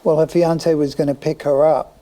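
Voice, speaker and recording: A man appearing as a psychic guest on a studio talk show, speaking in a halting way with many ums and restarts. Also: on the high side, flat delivery, dark tone, poor audio. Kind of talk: interview conversation.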